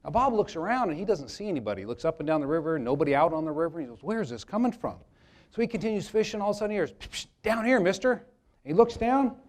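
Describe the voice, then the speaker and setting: A man's voice: fairly high pitch, sing-song, racing, a little mellow. A man, an attorney, giving a live workshop talk to an audience, chatty and joking as he tells stories. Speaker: attorney presenting a seminar.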